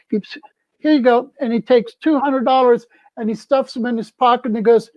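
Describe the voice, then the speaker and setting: Older storyteller, seventies; acts out voices, lo-fi dry mic. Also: male voice, extremely high pitch, fairly quick, no room sound. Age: 70s. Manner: animated, acts out quoted people. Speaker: festival crew member. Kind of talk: casual storytelling. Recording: dull, dry lo-fi sound.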